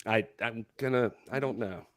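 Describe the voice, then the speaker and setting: A man's voice: medium pitch, normal speed, fairly bright tone. A man hosting a casual livestream show, energetically greeting viewers and reading chat names aloud. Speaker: livestream host.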